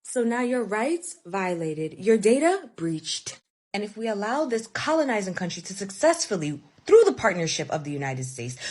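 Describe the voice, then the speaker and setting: Husky-voiced woman ranting emphatically. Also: medium pitch. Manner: heated, emphatic, profane. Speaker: commentator. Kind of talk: political commentary video.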